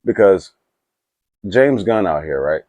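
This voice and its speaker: Man, very low voice, casual rambling chat, excitable, dry recording. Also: slow, no room sound, narrow, tinny audio. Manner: rambling, with restarts and asides; animated and excitable. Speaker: movie reaction YouTuber.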